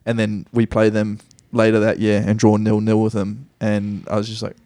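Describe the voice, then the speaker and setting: Kiwi man, podcast guest, low voice, dry close sound, casual storyteller who loops back on himself. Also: completely flat delivery, moderate pace, mellow, no room sound. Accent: New Zealand. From New Zealand. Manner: rambling, self-correcting anecdotes with easy laughs. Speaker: guest soccer player.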